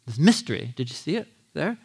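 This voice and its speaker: Brief: man, 30s, sermon teacher, casual and animated, slightly higher pitch. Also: fairly quick, gravelly, slightly rough. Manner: animated, acts out quotes in lively voices; casual, conversational, laughs often. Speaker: pastor teaching a Bible series.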